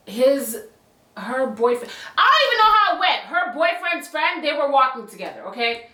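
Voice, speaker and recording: A young woman spins a casual storytime in a bright, ringing voice that sits a little high. Her delivery is chatty and animated, packed with slang and side comments. The room around her is echoey. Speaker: YouTuber telling a story.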